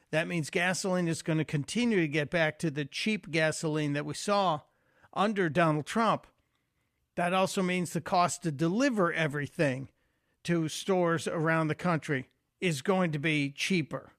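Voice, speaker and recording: A man guest-hosting a radio talk show speaks in a chatty, folksy manner with a slightly high voice. The studio mic sound is close and very dry, with no room around it. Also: a bit bright, dry recording. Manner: conversational, folksy, with fillers. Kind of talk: talk radio monologue and call-in.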